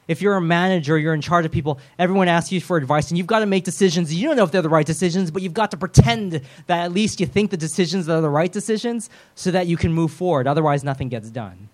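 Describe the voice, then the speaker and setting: Animated man preaching a sermon. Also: on the high side, quick pace, few pauses. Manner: animated, acts out voices of biblical figures; self-deprecating humor.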